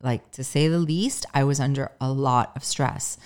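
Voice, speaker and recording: A woman's voice: a bass voice, moderate pace, a little mellow, clear, resonant tone. A middle-aged woman hosting her own podcast, talking candidly and emotionally in a chatty way, full of "like" and "um". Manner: emotional, close to tears at times. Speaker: podcast host. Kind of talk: personal podcast monologue.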